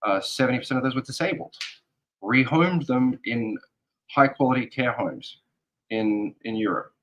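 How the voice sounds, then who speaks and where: Halting, earnest male interview guest. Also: medium pitch, fairly bright tone, low-quality recording. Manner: halting, earnest, thinks aloud in fragments. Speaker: guest, security advisor. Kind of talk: casual interview talk.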